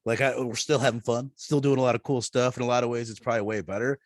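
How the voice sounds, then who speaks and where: A man's voice: mid-range voice, fairly even intonation, fast talker, no room sound, studio quality. A man chatting casually as a podcast guest, rambling and often restarting his sentences.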